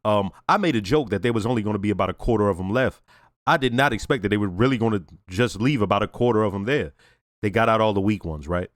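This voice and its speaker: A man's voice: on the low side, fast talker, no echo, clean studio sound. A man hosting a reaction video, talking casually in slang and laughing often as he comments.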